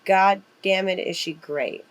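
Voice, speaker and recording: A woman co-hosting a horror podcast in casual chat, excitable, swearing freely and using lots of fillers. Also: medium pitch, unhurried, dry recording, poor audio. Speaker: podcast co-host.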